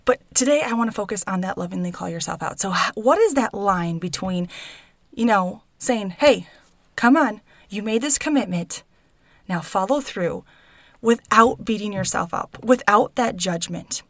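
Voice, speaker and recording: A woman in her thirties hosting a solo podcast, chatty and upbeat, often tagging her sentences with a quick "right?". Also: mid-range voice, expressive, no room sound. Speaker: podcast host. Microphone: recorded without her usual studio mic.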